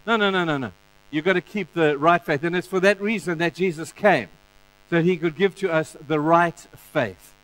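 Male pastor with a high voice, animated in the pulpit, faint background hum. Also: normal speed, poor audio. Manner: animated, acts out the stories in voices. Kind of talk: sermon.

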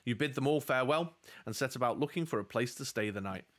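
A man's voice: mid-range voice, quick pace. Man narrating a gamebook. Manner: steady storytelling with jokey asides. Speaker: game master reading a gamebook. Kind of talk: narrating a gamebook live play.

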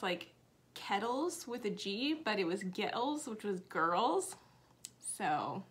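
A woman in her thirties talks casually to her viewers about cross stitch from her home office. She rambles through side stories and pokes fun at herself, her voice sitting in an ordinary middle pitch. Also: pushed and bright. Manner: rambling, self-deprecating, chatty asides. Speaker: cross stitch video host. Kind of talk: casual chatty vlog.

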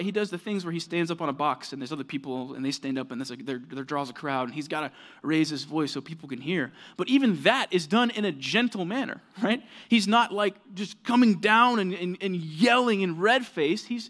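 A male pastor delivers a casual, heartfelt sermon, his voice sitting a bit higher than most men's. He talks as if chatting with the room, full of fillers and restarts, urging his points earnestly. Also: brisk, hardly any pauses, fairly bright tone. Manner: conversational, earnest preaching with many fillers.

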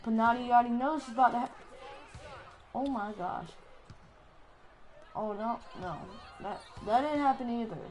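A woman giving live commentary over a basketball video game, excitable and playful, trash-talking the players. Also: on the high side, moderate pace, pauses often, background noise. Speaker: gaming channel host.

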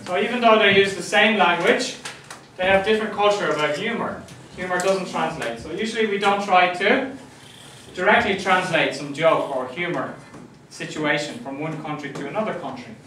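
A man's voice: sits high, fairly quick, pushed and bright, slight background noise. A man with an Irish accent lecturing a class in a jokey way, often checking that students understand. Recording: echoey room, mic from far off.

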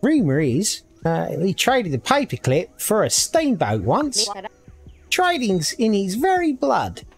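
A man's voice: sits high, huge pitch swings, takes it slowly, soft background music, voice pushed up, full character voice. A man voicing a cheery female game camp leader in a put-on, exaggerated Australian accent. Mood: hearty. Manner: exaggerated, self-admittedly poor accent.

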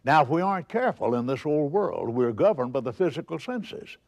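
A man preaching a televised sermon in an emphatic, animated manner, reading scripture aloud along the way. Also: on the high side, brisk, vocal fry.

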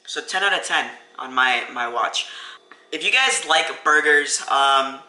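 Inside a restaurant, a food vlogger chats eagerly about a sandwich, filler words everywhere, shot on a phone camera with no tripod. He speaks a little slowly in a fairly high, animated voice that comes across pushed and bright. Expect a roomy, low-quality recording.

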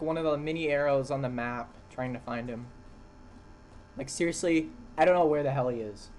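Young male let's-play narrator, slightly high voice, loose and rambling, faint room hiss. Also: a little mellow. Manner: rambling, self-correcting, mutters to himself. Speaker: gameplay narrator. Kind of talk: casual let's-play voice-over. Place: home room with dogs.

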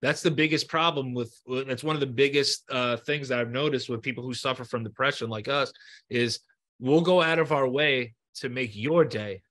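A man's voice: medium pitch, a bit bright. A man hosting an interview show, talking earnestly and encouragingly, repeating himself and swearing freely. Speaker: podcast host. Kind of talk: heartfelt interview chat.

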